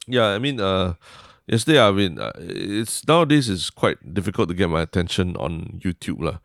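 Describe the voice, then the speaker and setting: A man's voice: sits low, animated, moderate pace, gravelly, no room sound, studio quality. A young man with a Singaporean English accent co-hosting a podcast, chatting casually and rambling, often trailing off and adding "lah". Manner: rambling, self-interrupting, frequent "lah" and "like". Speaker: podcast co-host.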